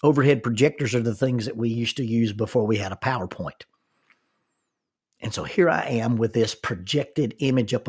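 A man telling a personal story in a folksy, self-mocking way, speeding up and slowing down for effect. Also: mid-range voice, slightly rough.

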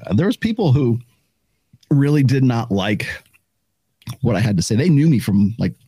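A man's voice: mid-range voice, very animated, moderate pace, mellow, breathy edge, no echo. A man hosting a casual conversation, rambling and acting out what other people said. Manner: rambling, acts out quoted voices.

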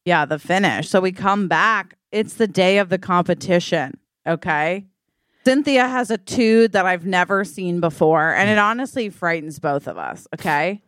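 A woman's voice: on the low side, animated, moderate pace, a bit bright, dry recording, clean studio sound. A woman co-hosting a podcast, reacting to and joining a made-up comedic story. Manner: playful, reacts and joins the improvised story. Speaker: podcast co-host. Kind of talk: casual comedic chat.

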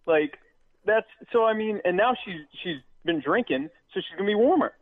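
A man's voice: high-pitched, animated, normal speed, no room sound. A man from the American South co-hosting a live show, talking in a rambling, joking way with lots of fillers and restarts. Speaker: podcast co-host. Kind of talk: casual live show banter. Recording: tinny phone-like line.

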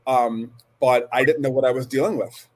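A man's voice: mid-range voice, fairly even intonation. Guy in his 40s telling his story on an interview, earnest, lots of restarts, medium voice. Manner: earnest, halting with frequent restarts. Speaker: guest.

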